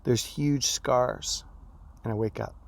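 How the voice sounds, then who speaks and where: A man's voice: medium pitch, fairly even intonation, slow, creaky. A middle-aged man, a pastor, telling a personal story in a devotional talk, acting out his own reactions as he goes.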